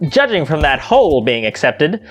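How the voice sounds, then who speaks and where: A man voicing an excitable anime character in a high, strained, overacted delivery. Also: normal speed, faint music behind. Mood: excited.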